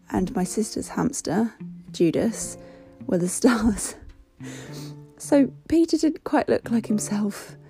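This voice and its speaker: A young woman hosting a podcast, telling a story in a candid, casual way, with swearing and an animated lift when she retells what was said. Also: mid-range voice, vocal fry. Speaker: podcast host.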